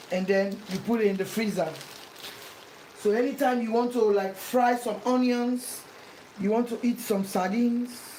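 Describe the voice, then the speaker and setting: A woman's voice: on the high side, warm tone, slight background noise. Chatty woman cooking in an echoey kitchen. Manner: chatty, repeats words, breaks into playful sing-song. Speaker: cooking vlogger. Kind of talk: casual cooking demonstration. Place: home kitchen. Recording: roomy kitchen echo, faint ambience.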